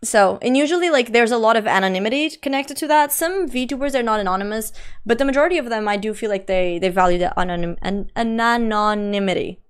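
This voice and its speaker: Chatty young woman streamer, smooth voice. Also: fairly high pitch, fast. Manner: chatty, reads chat aloud, frequent laughs and "like". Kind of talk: casual live-stream chat.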